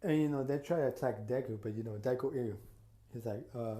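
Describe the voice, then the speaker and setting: A man's voice: medium pitch, a little fast, warm tone. A man casually retelling an imagined crossover story as a YouTuber, rambling with lots of fillers and restarts. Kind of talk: casual fan-fiction storytelling.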